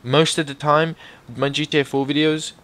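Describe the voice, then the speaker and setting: A gaming YouTuber with a higher-leaning voice comments on his gameplay at a moderate pace in a very noisy recording. He's excitable and swears often, with loud exclamations and meandering asides to viewers.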